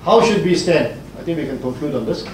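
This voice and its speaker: A man's voice: on the high side, animated, fairly quick, a little mellow. A man from South Africa giving a public speaking workshop, listing points and quizzing the class. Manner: explains in lists, often asks the class questions. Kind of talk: workshop lecture. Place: lecture hall with audience. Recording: roomy hall, faint hiss.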